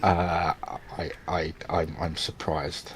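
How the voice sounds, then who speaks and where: A man from Britain with a fairly low voice, talking loosely on a podcast. He hesitates often, fills gaps with ums and restarts his sentences. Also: little pitch movement, slow, a little hiss or hum, low-quality recording. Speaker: podcast co-host. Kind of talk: casual chat.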